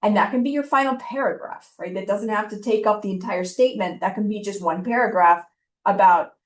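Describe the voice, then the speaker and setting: A woman's voice: medium pitch, fairly quick. A woman giving informal admissions advice in a chatty way, with frequent fillers. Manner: chatty, with frequent ums and likes. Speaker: law school admissions speaker. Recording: echoey room, voice from a distance.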